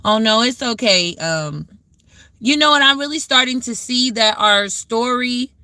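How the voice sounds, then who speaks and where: Woman, livestream host, casual chat, bright voice, dry close sound. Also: fairly high pitch, expressive, measured pace, dry recording. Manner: conversational, reflective, talks back to viewer comments.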